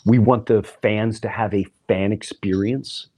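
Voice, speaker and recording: A man's voice: on the low side, fairly even intonation, measured pace, dark tone, pitched below the performer's own voice. A man relaying the words of a laid-back, thoughtful male rock drummer who is giving him advice, close to his own voice. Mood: earnest.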